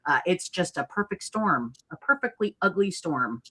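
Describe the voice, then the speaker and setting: A woman's voice: lowish voice, animated, moderate pace, sharp tone, husky. A woman from Minnesota co-hosting a casual live chat, playful and jokey. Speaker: co-host.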